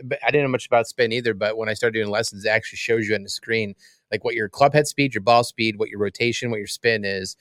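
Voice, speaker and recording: Male podcast co-host, quick, mid-pitched, eager tipster, dry close-miked sound. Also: steady tone, a bit bright, dry recording. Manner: eager advice-giver, laughs often. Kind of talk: casual chat.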